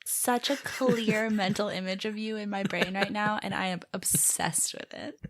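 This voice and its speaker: A woman co-hosting a podcast, chatting casually and chiming in quickly with sympathy. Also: medium pitch, steady tone, fairly bright tone. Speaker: podcast co-host. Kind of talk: casual chat.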